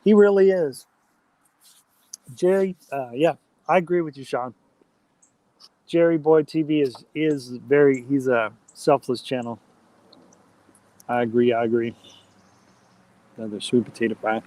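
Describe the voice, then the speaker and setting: With no echo, a medium-pitched male voice speaks unhurriedly and pauses often as he runs a campfire live stream outdoors. Chatty and friendly, he reads out the chat and gives viewers shout-outs.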